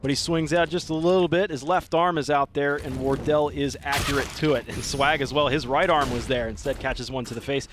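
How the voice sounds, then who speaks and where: A man's voice: fairly high pitch, fairly quick, few pauses, noisy background. Southern man calling esports action. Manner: excitable, talks over the action. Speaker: esports color commentator. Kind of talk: live esports commentary.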